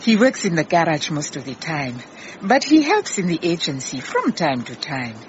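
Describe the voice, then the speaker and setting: A calm, motherly detective. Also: low-pitched, normal speed, slight background noise. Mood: uneasy. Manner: calm, peacemaking. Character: calm, motherly woman detective agency owner. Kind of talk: radio drama acting. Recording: dull lo-fi radio drama recording.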